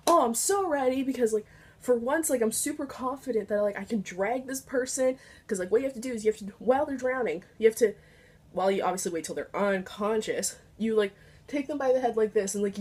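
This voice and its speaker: Young woman, vlogger, casual storytelling, high voice, very lively pitch, swears a lot. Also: breathy edge. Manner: animated, swears freely, voice climbs high when excited.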